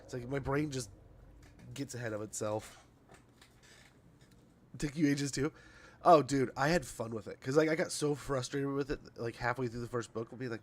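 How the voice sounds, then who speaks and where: A man's voice: mid-range voice, moderate pace, long pauses. A male streamer in casual livestream chat, reading patch notes aloud, rambling, tripping over words and laughing at himself.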